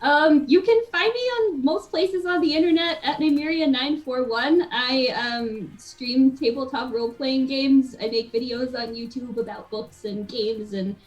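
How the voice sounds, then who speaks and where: A woman guest on a live talk stream, chatting in an excitable, rambling way and laughing often. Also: high-pitched, measured pace, few pauses, dull audio. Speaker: guest, game developer and streamer. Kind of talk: casual chat.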